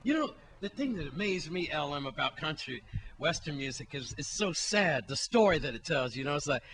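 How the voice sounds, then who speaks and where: A man's voice: on the high side, sing-song, fairly quick, breathy edge, low-quality recording. A man reporting from the field, interviewing a guest in a playful, joking manner. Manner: playful, joking, loud exclamations. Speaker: news reporter.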